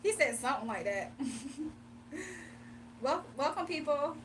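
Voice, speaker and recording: A woman's voice: sits high, animated, takes it slowly, distant mic, noisy background. A young woman hosting a casual livestream, reading viewer comments aloud, teasing them and laughing often. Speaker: livestream host.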